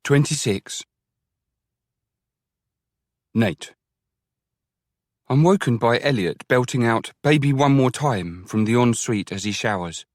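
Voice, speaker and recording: A man giving reflective, gently wry first-person audiobook narration. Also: mid-range voice, slow pace, pauses often, no room sound, studio quality.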